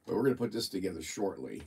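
A man's voice: low voice, creaky, a little mellow, far from the mic, slight background noise. A man hosting a casual livestream, chatting and reading a viewer's report aloud in an amused, playful way. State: a bit of a frog in his throat. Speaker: livestream host.

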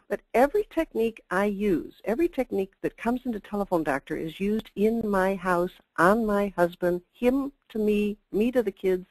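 A woman's voice: on the low side, dry recording, poor audio. An older woman giving a chatty, emphatic customer service webinar talk with asides. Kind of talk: webinar presentation.

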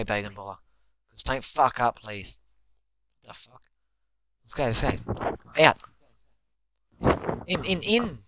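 A man's voice: mid-range voice, dry recording. Young male gamer, heated, foul-mouthed live play-by-play, dry close mic, mid-range voice. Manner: excitable, swears constantly, shouts at teammates. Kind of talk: live gameplay commentary.

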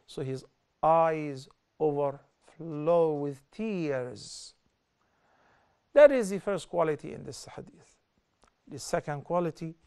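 A middle-aged man explains scripture in a televised religious lesson. His voice sits a little high. He talks earnestly and lifts sharply in pitch and volume to stress his points. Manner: lively, with sharp rises in pitch and loudness for stress. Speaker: religious teacher.

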